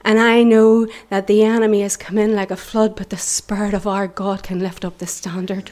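A middle-aged woman with a Northern Irish accent gives an earnest, impassioned preaching testimony in church, at times dropping into a whisper. Her medium-pitched voice is a little mellow, with a flat delivery at normal speed.

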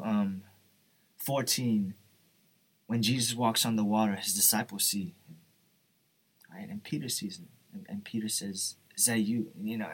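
A young man giving an earnest, informal devotional talk, often asking "right?" and "you know". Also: on the low side. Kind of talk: informal sermon.

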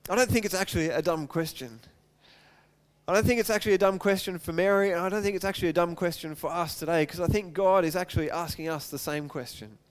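A man's voice: high voice, fast, smooth. A man preaching a sermon, retelling a scripture story and asking his listeners repeated questions. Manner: reads scripture aloud, then preaches with repeated rhetorical questions. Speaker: pastor.

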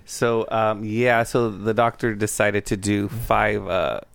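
A man co-hosts a podcast and talks in a hesitant, soft-spoken way, full of ums. His voice is low and gravelly yet smooth, recorded dry and close. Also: little pitch movement, takes it slowly, no echo. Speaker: podcast co-host. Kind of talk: casual chat.

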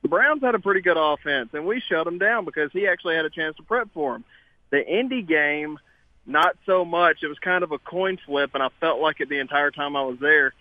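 A man's voice: fairly high pitch, expressive, a little fast, no echo. A man calling in to a sports radio show, insistent and confident about his team. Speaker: caller. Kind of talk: call-in radio talk. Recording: tinny phone line.

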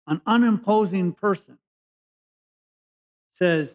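A man's voice: fairly high pitch, measured pace, long pauses. A man from California preaching a sermon, reading scripture and explaining it in a conversational way with frequent restarts. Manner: conversational preaching, restarts, rising emphasis on key words. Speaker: pastor. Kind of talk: sermon, Bible teaching. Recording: dull lo-fi recording.

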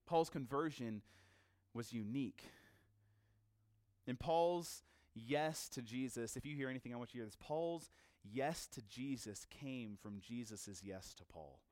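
A male pastor preaching a sermon, telling a story with lively energy and acting out the characters he quotes. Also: medium pitch, a little slow, dry recording, clean studio sound.

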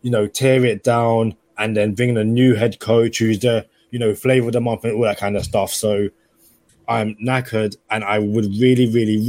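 A man's voice: lowish voice, darkish tone, no echo. A British man speaking as a podcast guest, weary and explaining his own slang. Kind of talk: casual podcast chat.

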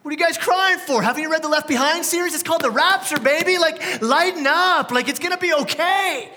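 A man putting on the voice of a cheery, insensitive man who brushes off grieving mourners, loud and flippant. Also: very high-pitched, fairly quick, slight background noise, voice pushed up.

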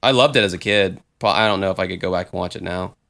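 A man's voice: low voice, fast talker, creaky, bright, forceful tone. Blunt man in casual podcast banter. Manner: blunt, profane banter with frequent restarts. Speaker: podcast co-host. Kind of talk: casual chat.

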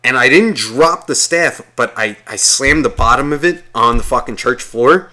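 A man with a bright, forceful voice tells a rambling story in casual chat. He swears constantly and slips into the voices of the people he quotes. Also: mid-range voice, normal speed. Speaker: guest telling a story.

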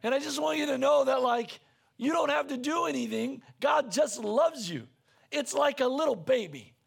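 Gravelly, high-pitched preaching man. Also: expressive, normal speed. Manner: earnest, conversational preaching with repeated restarts; raises his voice to near shouting when stirred. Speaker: pastor. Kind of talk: sermon.

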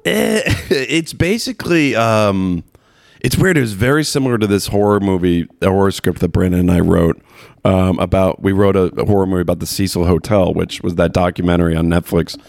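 A man's voice: low-pitched, brisk, vocal fry, darkish tone, dry recording, clean studio sound. A man hosting a podcast in a rambling, casual chat, laughing often and swearing freely.

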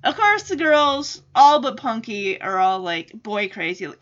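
A woman's voice: fairly high pitch, very animated, a little slow, a bit bright, muffled recording. A woman casually recapping a TV episode in a chatty way, with frequent laughs and filler words.

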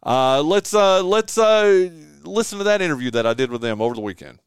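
A man's voice: fairly high pitch, expressive, brisk, smooth, dry recording. A man hosting a radio show, chatting casually and speaking with effusive enthusiasm. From eastern North Carolina. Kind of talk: casual radio interview chat.

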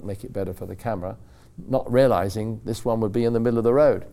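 A man's voice: lowish voice, quick pace, gravelly, warm tone. An older man, a racing driver guest on a club talk show, telling long anecdotes in a rambling, self-correcting way and acting out the voices of the people he quotes. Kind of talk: anecdotal storytelling.

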